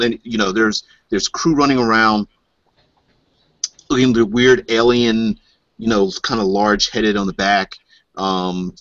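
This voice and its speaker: A man's voice: fairly low pitch, a bit bright, no echo. A man narrating as game master of a tabletop game, casual and hesitant with fillers, in a dull lo-fi recording.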